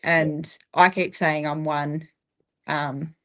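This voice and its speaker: A woman's voice: deep voice, little pitch movement, slow, a bit bright. An Australian woman in her thirties, a paramedic, talking reflectively in a casual interview and laughing often. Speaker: guest, paramedic.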